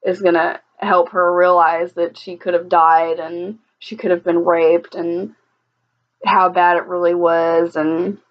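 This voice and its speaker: A woman's voice: fairly low pitch, level tone, takes it slowly, lo-fi sound. A woman giving casual reaction commentary in a blunt, heated, profane way, often restarting her sentences. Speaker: vlogger reacting to a video.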